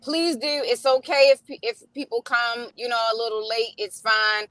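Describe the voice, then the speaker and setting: A woman's voice: on the high side, moderate pace, a bit bright, no echo. A woman in her thirties with a Baltimore accent, calling in by phone while driving and chatting with upbeat laughter and many "um"s. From Baltimore, Maryland. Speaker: singer calling in. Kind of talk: casual call-in chat. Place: in a car, driving.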